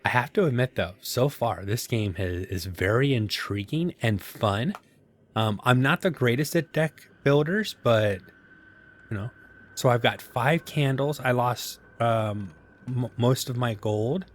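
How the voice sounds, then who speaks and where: A man's voice: mid-range voice, expressive, measured pace. A man casually commenting as he plays, thinking aloud and poking fun at himself. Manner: thinking aloud, self-deprecating, chuckles. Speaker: gaming channel host. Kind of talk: casual let's-play commentary. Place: home gaming setup.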